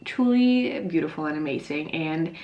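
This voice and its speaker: A woman in her early twenties, tearful after crying, talking haltingly to her camera about a book in an emotional reading vlog. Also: deep voice, lively intonation, highs cut off. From Sweden. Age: early 20s. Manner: emotional, halting, many fillers and sighs. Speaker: book vlogger. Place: alone at home talking to camera.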